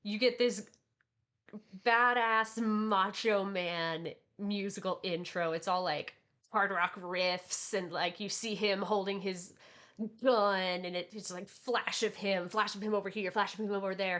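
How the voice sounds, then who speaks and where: A woman's voice: medium pitch, moderate pace. Rambling woman chatting about anime. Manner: rambling, animated, lots of fillers. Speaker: podcast co-host. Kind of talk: casual anime chat.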